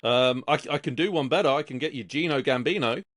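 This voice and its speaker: A man co-hosting a podcast, telling stories in a loose, rambling way. His pitch sits in a middle range, and the recording is dry and close. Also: fast, fairly bright tone, dry recording. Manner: rambling, many fillers and restarts while storytelling. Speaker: podcast co-host. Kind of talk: casual podcast chat.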